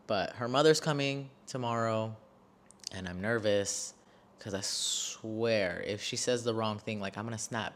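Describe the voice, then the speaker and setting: A man in his twenties telling a personal story to camera, emotional and blunt, swearing often and repeating phrases when worked up. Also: mid-range voice. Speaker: vlogger.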